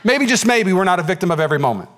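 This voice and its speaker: A male pastor preaching a sermon, telling stories in an animated way and acting out the voices of the people in them. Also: very fast. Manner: animated storytelling, acts out voices in high pitch.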